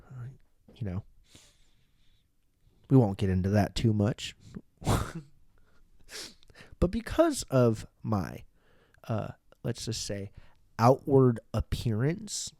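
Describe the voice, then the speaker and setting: A man's voice: medium pitch, warm tone, no echo, studio quality. A man hosting a podcast, talking through a casual comedic monologue in a rambling, profane way, with frequent restarts, into a microphone. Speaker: podcast host. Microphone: studio microphone.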